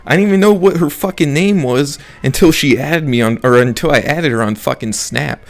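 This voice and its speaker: A man's voice: on the high side, brisk, vocal fry. A young man vlogger telling a story to camera in a casual, profane, rambling and incredulous way.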